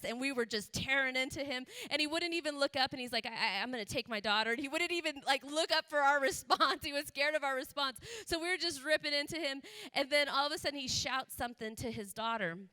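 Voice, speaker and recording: Bright-voiced woman preaching a lively testimony. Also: high-pitched, quick pace. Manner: animated storytelling, laughing and rising to loud emphasis. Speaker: missionary guest speaker. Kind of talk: sermon testimony. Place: church sanctuary.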